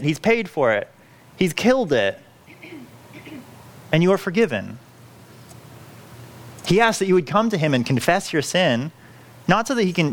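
A male pastor delivering a sermon in an earnest, pleading way. His voice sits a little high for a man and swings widely in pitch. He often restarts his phrases mid-thought. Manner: earnest, pleading, self-correcting with frequent restarts.

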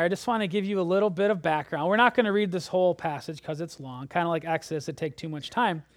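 A man preaching a sermon. He speaks in animated bursts that rise sharply, then sink to a soft near-whisper at the ends of phrases. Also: high-pitched, dry recording, studio quality. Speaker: pastor.

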